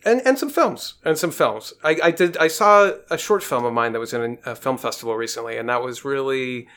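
A man, an actor, talking in a casual podcast conversation, thoughtful and halting with frequent restarts. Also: medium pitch, lively intonation, fairly bright tone. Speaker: actor guest.

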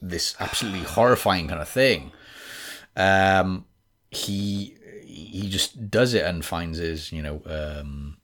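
Deep-voiced Welsh man, rambling. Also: slow pace, fairly bright tone. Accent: West Welsh. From Wales. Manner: rambling, hedging with many fillers. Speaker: guest. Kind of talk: casual podcast conversation.

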